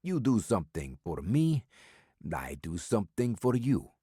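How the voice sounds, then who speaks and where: A man voicing a burly, cagey older foreign businessman with a thick, clipped Eastern European accent, speaking slowly and deliberately. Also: lowish voice, big pitch swings, mellow, husky, no echo, studio quality, pitched above the performer's own voice, heavily acted. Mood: cagey, insistent. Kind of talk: audiobook character voice.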